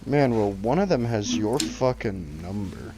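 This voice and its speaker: A man's voice: lowish voice, expressive, a little slow, noisy background. Profane rambling male game streamer. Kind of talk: casual gaming chat.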